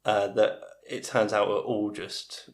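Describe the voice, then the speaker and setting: A man's voice: on the low side, little pitch movement, takes it slowly. A man, a comedian guest, telling long rambling stories in casual chat. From England. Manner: rambling storyteller with frequent restarts. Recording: roomy echo.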